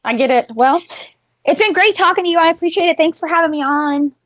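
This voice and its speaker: A woman guest on a casual live stream, upbeat and quick to agree. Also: very high-pitched, no room sound, dull audio. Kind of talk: casual chat.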